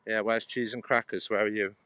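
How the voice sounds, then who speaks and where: A man's voice: lowish voice, sharp tone. Man chatting on a walk. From England. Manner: rambling, chatty, answers viewers' comments; talks while walking. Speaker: livestreamer. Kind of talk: casual walking livestream chat. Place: outdoors on a cycle path beside a road. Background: passing traffic.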